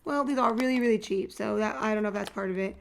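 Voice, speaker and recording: A woman chatting casually as she unboxes collectible toys and paints her nails, thinking aloud with bursts of excitement. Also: medium pitch, quick pace, vocal fry, slight background noise. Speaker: nail art vlogger. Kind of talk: casual unboxing and nail tutorial chat.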